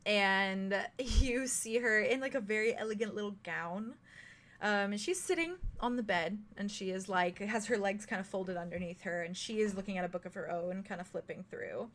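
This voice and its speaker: A woman's voice: mid-range voice, normal speed, fairly bright tone. A young woman narrating a tabletop role-playing game as game master, hesitant and full of fillers.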